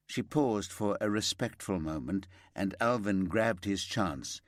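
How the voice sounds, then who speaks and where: A man narrating a crime thriller audiobook in an expressive storytelling manner. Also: low voice, unhurried, hardly any pauses, no room sound, studio quality. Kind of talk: scripted narration.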